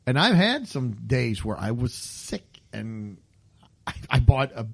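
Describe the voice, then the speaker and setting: Lively, animated podcast host, a man in his 50s. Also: mid-range voice, measured pace, vocal fry, slightly rough. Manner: animated storyteller who acts out the people in his stories. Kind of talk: casual comedy chat.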